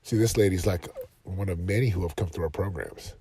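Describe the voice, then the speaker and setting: A man in his thirties hosting a motivational podcast from his car, talking earnestly and rising to loud, passionate emphasis. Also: deep voice, a little fast, a little hiss or hum. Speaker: podcast host and life coach.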